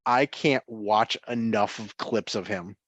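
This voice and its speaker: A man's voice: on the low side, takes it slowly, fairly bright tone, no echo. A man co-hosting a sports podcast in casual chat, chuckling often and rambling through restarts.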